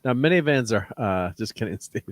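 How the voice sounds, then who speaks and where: A man hosting a casual chat with friends, easygoing and quick to laugh. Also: mid-range voice, animated, no room sound. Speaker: host.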